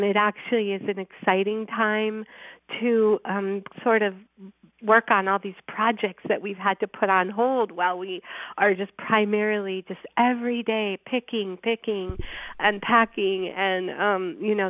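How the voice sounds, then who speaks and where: A woman's voice: medium pitch, dry recording. A woman farmer from Vermont, cheerfully talking about her farm as a guest on a radio interview, with many "um"s. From Vermont, USA. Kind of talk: radio interview over the phone. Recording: tinny phone line.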